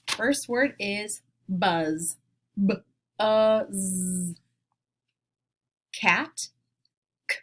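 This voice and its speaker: A woman teacher leading a phonics lesson, sounding out each sound slowly and clearly. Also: medium pitch, noisy background. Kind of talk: phonics lesson, slow and deliberate.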